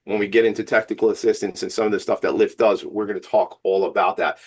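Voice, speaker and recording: A man hosting a radio talk show, speaking with a Long Island New York accent, excitable and rambling, cracking jokes. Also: fairly low pitch, quick pace, slight background noise. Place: radio studio.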